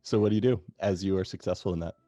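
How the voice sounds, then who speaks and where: A man running a tabletop game as game master, narrating in a relaxed, hesitant way. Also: sits low, very fast, dry recording.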